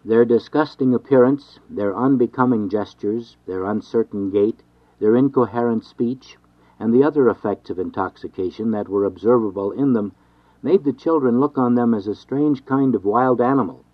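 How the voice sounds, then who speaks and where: A man reading an old devotional text aloud in a measured, formal way. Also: medium pitch, no room sound. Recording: dry, dull lo-fi recording.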